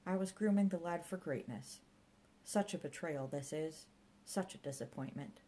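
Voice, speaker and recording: A woman's voice: sits low, moderate pace, mellow, natural voice, low-quality recording. A woman reading an audiobook and voicing a grandiloquent, pompous middle-aged male park ranger who fancies himself a martial arts mentor. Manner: grandiloquent, theatrical. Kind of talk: audiobook character voice.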